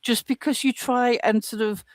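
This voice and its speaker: A woman from the English Midlands with a slightly softened Midlands accent, chatting as a co-host in a dry, sarcastic, mock-indignant way. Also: a little high, steady tone, moderate pace, no room sound. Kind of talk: casual podcast chat.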